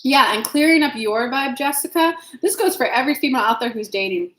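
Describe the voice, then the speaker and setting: An intuitive reader hosting a casual live stream, this frank, chatty woman has a fairly high, slightly bright voice and speaks briskly and animatedly. She addresses viewers directly by name, swears easily, and her voice echoes around the room.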